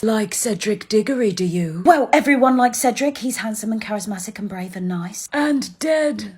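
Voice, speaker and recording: A young woman performing a comedic sketch, sarcastic and sassy, firing off quick comebacks. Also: mid-range voice, animated, a little mellow, slightly rough. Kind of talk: comedic sketch with snappy insults.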